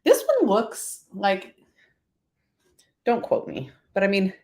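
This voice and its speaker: A woman's voice: mid-range voice, very animated, takes it slowly, a little mellow, reverberant. A woman chatting casually and upbeat to viewers about her thrift finds. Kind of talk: casual haul vlog.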